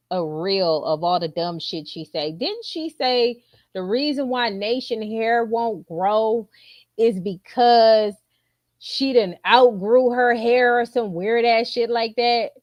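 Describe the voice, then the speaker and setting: Blunt, slow-talking woman commentator. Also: fairly high pitch, animated, no echo. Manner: blunt, incredulous, profane. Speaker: commentary channel host. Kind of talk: casual reaction commentary.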